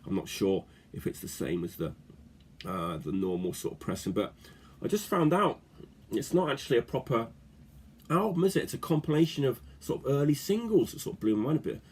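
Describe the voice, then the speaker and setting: A man's voice: medium pitch, big pitch swings, a little fast, darkish tone, slightly rough. A middle-aged man chatting casually about his records in a vlog, rambling along with lots of filler words and tag questions. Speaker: record collector host.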